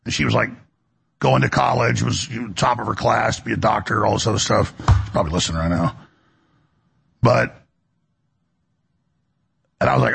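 A middle-aged male radio host with a gravelly, raspy voice, delivering a preachy, impassioned monologue and acting out the voices he quotes. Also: mid-range voice, fairly quick, long pauses, a bit bright.

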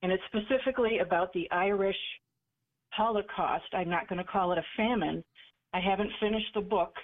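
A woman's voice: medium pitch, a little fast. A woman calling in to a radio talk show, chatting eagerly with many fillers and restarts. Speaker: caller. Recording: tinny phone line.

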